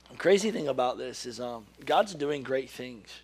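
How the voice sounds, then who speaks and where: A man giving a sermon, who reads scripture slowly and then talks casually, laughing at his own corny jokes. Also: medium pitch, animated, husky. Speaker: preacher. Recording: podcast recording of a live sermon.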